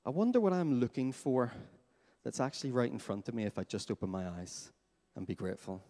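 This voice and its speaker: A man preaching a sermon as pastor in a church, lively and questioning his congregation. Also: mid-range voice, fairly quick. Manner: animated, asks the congregation questions. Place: church hall. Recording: long hall reverb.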